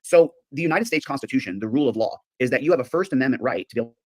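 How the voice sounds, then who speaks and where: Male streamer, talks extremely fast, rambling, dry close sound. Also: medium pitch, lively intonation, a little mellow, dry recording. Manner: rapid, rambling, greets viewers mid-thought. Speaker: streamer in a played clip. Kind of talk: video commentary.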